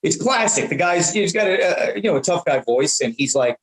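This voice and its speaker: A man around sixty, a comedian guest telling animated stories and stumbling over repeated words. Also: on the high side, a little fast. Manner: excitable, repeats and restarts words often. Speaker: guest, prank-call comedian and voice actor. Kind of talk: animated anecdotal storytelling. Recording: roomy echo.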